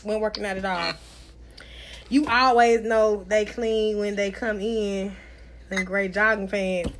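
A young woman in casual chat, telling stories loudly and brashly with plenty of cussing. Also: mid-range voice, fairly even intonation, unhurried, a little hiss or hum. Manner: loud, brash storytelling, cussing freely.

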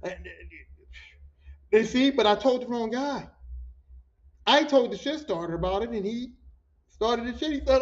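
High-voiced man telling profane work stories. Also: unhurried, long pauses. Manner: profane, animated, emphatic. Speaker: podcast host, pile driver. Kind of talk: casual storytelling. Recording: dull lo-fi recording.

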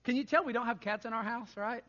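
A man preaching a sermon as pastor, conversational and animated, often adding "right?" to his points. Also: very high-pitched, fast, long reverb tail, lo-fi sound.

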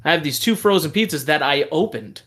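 A man co-hosting a casual podcast, telling animated stories with frequent laughter and casual swearing. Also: a little high, fairly quick. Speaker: podcast co-host. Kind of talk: casual chat.

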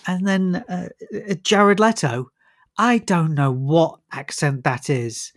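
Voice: medium pitch, animated, takes it slowly, a little hiss or hum. A film reviewer, chatting casually and enthusiastically, often restarting sentences. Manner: enthusiastic, rambling, with frequent restarts. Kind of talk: casual radio-style film review chat.

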